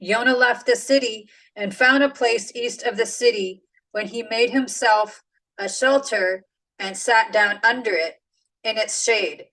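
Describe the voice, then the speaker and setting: A woman's voice: a little high, fairly bright tone, low-quality recording. Chatty woman leading a Bible study. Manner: chatty, slangy, filler-heavy. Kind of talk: casual Bible study teaching.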